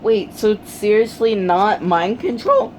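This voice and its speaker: A storyteller voicing an upbeat, admiring teenage schoolgirl hero in a fan retelling, pitched a bit higher than their own voice. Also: sing-song, measured pace, darkish tone, slight background noise. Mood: eager.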